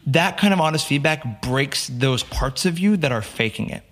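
A man's voice: mid-range voice, moderate pace. Young american guy on a podcast, telling stories, does little voices for people. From United States. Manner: animated storyteller, acts out quotes. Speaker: guest. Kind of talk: casual storytelling interview.

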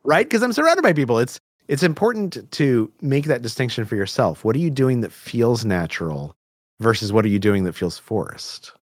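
A man's voice: medium pitch, very animated, moderate pace, dry recording, studio quality. A man from the American Southwest, a guest expert explaining communication research in a conversational interview, with frequent "like" and "right?". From Albuquerque, New Mexico, US.

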